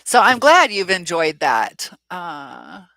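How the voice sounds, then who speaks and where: A woman's voice: on the low side, big pitch swings, slow, sharp tone, dry recording. Chatty woman host reading live chat. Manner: chatty, reads viewer comments aloud with filler ums.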